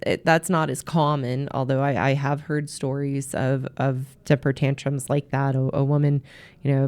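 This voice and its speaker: Deep-voiced woman coach giving advice. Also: a little mellow, smooth. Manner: earnest, repeats words when restarting. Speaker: marriage coach and host. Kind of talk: advice talk to camera.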